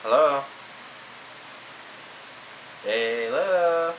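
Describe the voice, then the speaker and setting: A man's voice: medium pitch, animated, very slow. A young man acting in an amateur short film, playing a whiny young guy home alone who grumbles and talks to himself. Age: young adult. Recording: noisy amateur home video.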